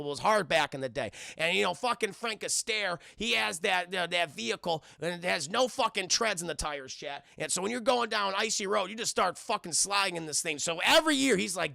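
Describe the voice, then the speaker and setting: A man's voice: high-pitched, lively intonation, a little fast, vocal fry, few pauses, pushed and bright, no room sound, studio quality. A man giving a rambling, profane, casual livestream film review, constantly addressing his chat.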